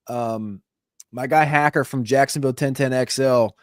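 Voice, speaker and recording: A man of middle pitch breaks down football moves on a podcast. He thinks out loud with hedging fillers, and his voice is recorded dry and close. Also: no echo. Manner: thinking aloud, with hedging fillers and drawn-out pauses. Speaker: fantasy football podcast co-host. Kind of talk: casual sports chat.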